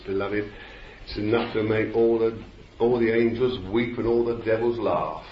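A man preaches a rambling sermon, repeating himself and then breaking into sudden shouts. His voice sits low. The recording is old and dull, with a roomy echo and faint hiss. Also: measured pace.

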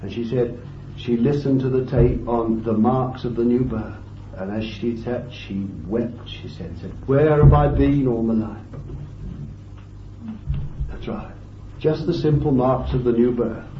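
A man preaching a fervent sermon, swinging from loud exclamations to hushed asides. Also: mid-range voice, measured pace, a little hiss or hum. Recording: roomy, distant, dull lo-fi tape recording.

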